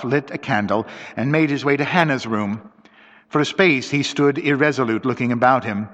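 A man tells a mystery story in a measured, dramatic manner, his mid-range voice a bit bright. The recording is dull and lo-fi, with long reverb trailing behind him.

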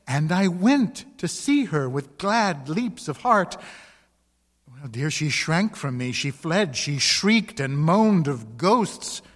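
A man reading the lines of a devoted ghostly woman from a painting in a ghost story, slow, tender and pleading. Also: fairly high pitch, big pitch swings, in a large hall, exaggerated voice. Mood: yearning.

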